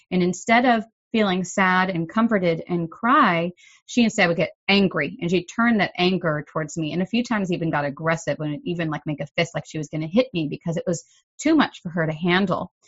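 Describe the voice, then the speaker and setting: A middle-aged woman hosting a parenting podcast, explaining in an earnest, gently emphatic way. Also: on the low side, fairly quick, slightly rough, dry recording, dull audio. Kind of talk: solo podcast talk.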